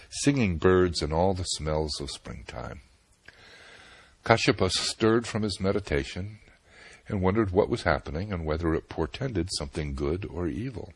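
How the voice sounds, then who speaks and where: A man tells an old myth in a calm, measured storytelling voice. His tone sits low and slightly husky. The recording is dry and close, with no room sound. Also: no room sound. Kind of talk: scripted narration of a myth.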